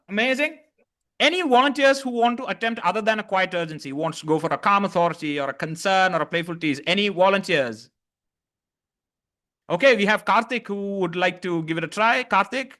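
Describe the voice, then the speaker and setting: A man's voice: sits high, expressive, fairly quick, pushed and bright. A man leading an online master class on voice, demonstrating tones and encouraging participants. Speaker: voice coach.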